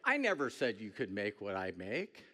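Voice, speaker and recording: A middle-aged man giving a motivational stage speech, animated and joking, breaking into shouts. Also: lowish voice, moderate pace. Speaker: network marketing speaker. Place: stage before a large audience.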